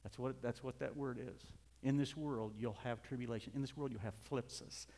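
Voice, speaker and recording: The sermon comes from a middle-aged pastor with a gravelly, mid-range voice, fairly even intonation, and a fairly quick pace, recorded in a reverberant hall. He swings from gentle asides to passionate shouting, with little chuckles between his points.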